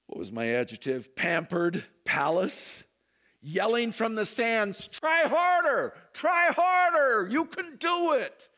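A man preaching a sermon, moving from low, intense delivery to loud impassioned emphasis. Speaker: pastor.

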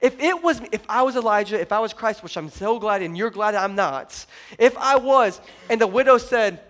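A young man preaches a sermon with an animated, playful delivery, slipping into little acted-out voices and jokes. His voice sits notably high for a man. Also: normal speed. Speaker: pastor.

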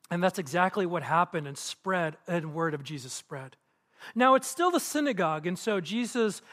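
A man preaching to his congregation in a church, animated, acting out quotes and asking the room questions. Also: high-pitched. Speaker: pastor. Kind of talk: sermon. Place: church auditorium.

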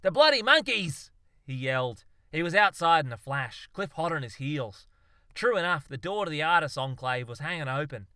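A man reads a comic story in a dry, wry storytelling manner. His voice is bright and crisp, with an average pitch. The recording sounds dry and close. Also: lively intonation, normal speed, dry recording. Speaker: narrator. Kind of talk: audiobook narration.

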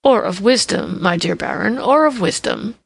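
A mocking, self-assured old monarch, as a woman reader puts him on for an audiobook. He delivers learned quips with a raised, lively pitch and a gravelly edge, close and dry. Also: moderate pace, no room sound. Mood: jovial. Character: elderly male king, jovial, teasing, self-assured.

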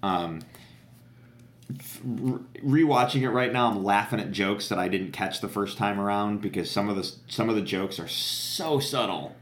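A man's voice: on the low side, moderate pace, reverberant. A man co-hosting a podcast, chatting casually and enthusiastically, rambling with lots of fillers. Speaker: podcast co-host. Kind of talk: casual chat.

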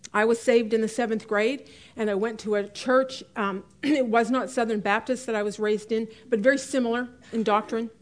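A middle-aged woman with a slightly high voice leads a women's Bible study class in a chatty manner. She laughs often and puts stress on key words.

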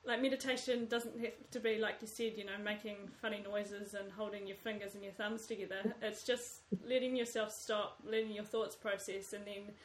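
A woman's voice: mid-range voice, level tone, normal speed, few pauses, a little hiss or hum. A woman in casual chat, thoughtful and a little hesitant as she searches for words. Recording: echoey room.

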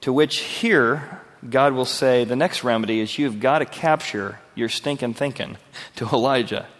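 A man's voice: medium pitch, moderate pace, a bit bright, big-room sound. A male pastor preaching a verse-by-verse sermon in an earnest, conversational way, asking his listeners questions.

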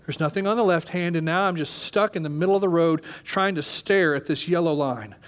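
A man in his thirties preaching, telling a story with lively, animated delivery and acting out his own panic. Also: on the high side, brisk. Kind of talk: sermon storytelling.

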